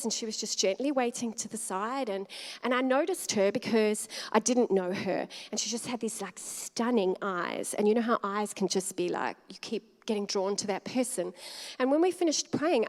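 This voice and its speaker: Woman pastor preaching casual style, lots of little laughs and voices for what people said, slightly high voice, big reverby church room. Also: moderate pace, darkish tone. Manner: chatty, laughs often, acts out quoted dialogue. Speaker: co-lead pastor. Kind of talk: conversational sermon storytelling. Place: church hall. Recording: long hall reverb.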